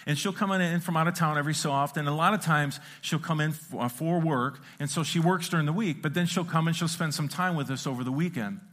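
A pastor telling a lively, self-mocking story in a sermon, acting out sounds and his own thoughts. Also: on the high side, fast, hardly any pauses. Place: church sanctuary.

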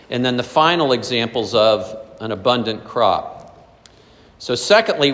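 A man's voice: medium pitch, a bit bright, big-room sound. A man preaching a sermon as pastor. He reads scripture aloud, then explains it in a conversational way.

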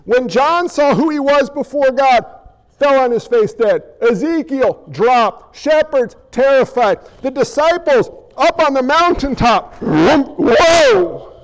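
Preacher guy, really high voice, slow and dramatic, throws questions at the crowd and goes from loud to almost whispering. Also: animated. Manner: dramatic, rhetorical questions, swings from forceful to hushed. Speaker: pastor. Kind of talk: sermon.

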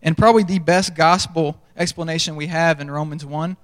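A man's voice: fairly high pitch, steady tone, fairly quick, fairly bright tone. A young man preaching a sermon, telling self-deprecating stories in a conversational way. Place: large church stage. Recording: sermon in a reverberant hall.

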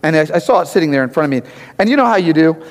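A man delivering a sermon in an easy, storytelling manner, often pausing to ask his listeners "right?" His voice sits a little high. The sound rings with the long reverb of a large hall. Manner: conversational, animated storytelling with frequent "right?".

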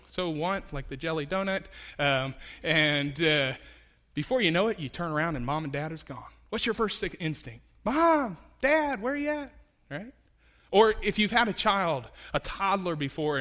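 A man preaches a sermon with a bright, ringing voice, pitched a little high for a man. He talks conversationally, with fillers and restarts, and leans into his points with lively emphasis. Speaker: pastor.

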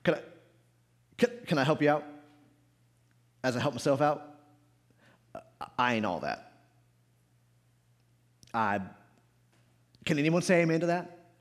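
A male pastor preaches to his congregation in a church. His voice sits high and swings widely in pitch, jumping to shouts and sinking to hushed asides. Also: measured pace, long pauses. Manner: animated preaching with sudden shouts and drops to low asides. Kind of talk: sermon. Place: church sanctuary.

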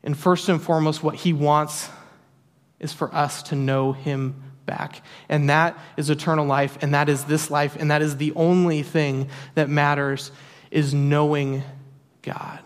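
A man's voice: on the high side, flat delivery, a little slow. A man preaching a sermon in an earnest, emphatic way, repeating key phrases for weight. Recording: long hall reverb.

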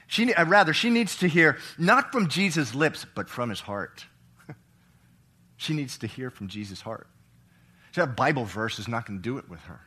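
Speaking a little high, a middle-aged pastor swings between soft, quiet reading and loud, emphatic declarations in his sermon. Along the way he asks the congregation questions.

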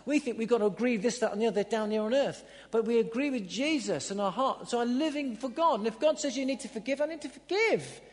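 High-voiced preacher in a reverberant hall. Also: male voice, quick pace, few pauses. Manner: earnest, swings from loud emphatic lines to low quiet ones. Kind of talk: sermon.

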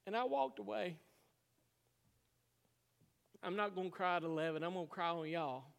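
A man's voice: high voice, normal speed, vocal fry, fairly bright tone, smooth, long reverb tail. A man preaching a sermon, telling a personal story with emotion and frequent laughs. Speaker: pastor.

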